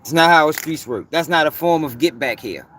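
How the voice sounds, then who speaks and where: A man's voice: fairly high pitch, fairly quick, a bit bright, a little hiss or hum. Profane, emphatic man ranting. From Baltimore. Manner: profane, emphatic, repeats points for stress. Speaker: commentary channel host. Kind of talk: heated commentary rant.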